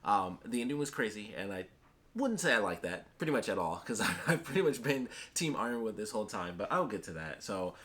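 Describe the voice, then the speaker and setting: Young male reviewer, casual and joking, lively swings in pitch. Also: brisk, crowd noise. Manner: chatty, joking, lots of fillers. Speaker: show reviewer.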